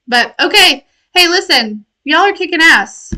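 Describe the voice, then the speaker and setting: A woman's voice: sits high, moderate pace, sharp tone, poor audio. A woman giving a casual spiritual message to her viewers as a tarot reader, rambling and laughing often, with an affectionate manner. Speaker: tarot reader and intuitive healer.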